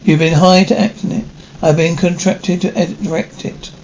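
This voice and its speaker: A man's voice: on the high side, flat delivery, normal speed, darkish tone, lo-fi sound, lightly acted. A man playing a brusque young male stage director in a 1950s television drama, speaking in a clipped, commanding way. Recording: faint hiss of an old TV soundtrack.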